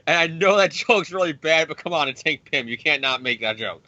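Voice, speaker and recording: A man co-hosting a podcast, recapping a comic book in a rambling, profane, excitable way. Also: fairly high pitch, fairly quick, hardly any pauses, no echo. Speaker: podcast co-host. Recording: dry, dull lo-fi sound.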